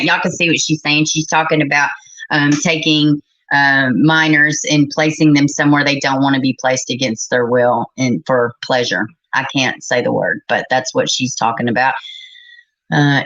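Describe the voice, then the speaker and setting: A middle-aged woman hosts a casual livestream, talking bluntly to her chat and cursing in exasperation. Her voice sits on the low side. The recording is a little dull and muffled. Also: a bit bright. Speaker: livestream host.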